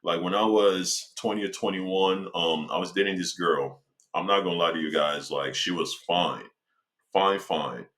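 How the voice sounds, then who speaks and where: A young man giving a casual motivational talk to his viewers, slangy and conversational, slowing down to stress his points. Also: deep voice, steady tone, a bit bright. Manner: slangy, conversational, slows for emphasis. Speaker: self-help speaker.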